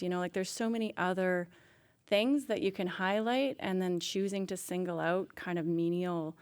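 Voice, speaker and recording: Candid woman, smooth low voice. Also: steady tone, normal speed, no echo. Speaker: musician and arts organization leader. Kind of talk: panel discussion on a call.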